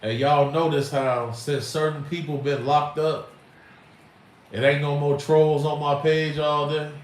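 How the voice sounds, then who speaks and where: A man's voice: fairly high pitch, little pitch movement, a little slow. A middle-aged man, hosting a livestream in an emphatic, rambling, slangy way. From Chicago. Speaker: livestream host. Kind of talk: casual livestream talk. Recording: roomy echo, far from mic, faint noise.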